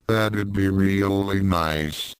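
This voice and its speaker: A man's voice: low voice, extremely slow, clean tone, dry recording, low-quality recording. Man voicing a pushy, demanding teenage boy. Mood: reproachful. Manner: insistent, pressing questions.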